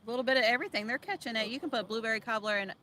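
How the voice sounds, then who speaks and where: Bright-voiced New Jersey woman. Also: fairly high pitch, rapid-fire, slight background noise. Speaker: host's wife, co-host. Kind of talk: casual live-stream chat. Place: outdoors at a fishing spot.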